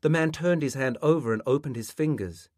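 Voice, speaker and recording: A male author reading a passage of his literary novel aloud in a measured, expressive way, close to the microphone. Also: a little high, no echo.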